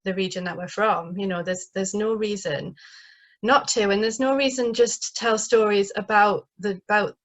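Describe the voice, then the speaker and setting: A woman's voice: mid-range voice, steady tone, moderate pace. Chatty northeast English woman, hesitant. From northeast England. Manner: chatty, hesitant, many fillers and restarts. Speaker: playwright guest. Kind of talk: casual interview talk.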